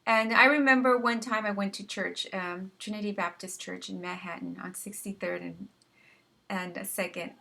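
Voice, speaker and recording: A young woman with a bright, ringing voice recounts a hard time in her life. She talks in a casual, earnest way, often stopping and repeating words as she finds her thread. Her pitch sits in an ordinary middle range for a woman. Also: fairly even intonation, gravelly. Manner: earnest, halting, with many restarts and repeated words. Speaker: vlogger sharing personal story. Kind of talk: personal testimony, casual storytelling.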